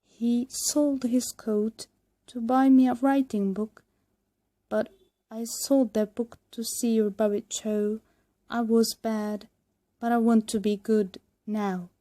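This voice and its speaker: A woman voicing an eager, brave wooden puppet boy in an earnest, pleading voice that rises high. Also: steady tone, takes it slowly, dark tone, no echo.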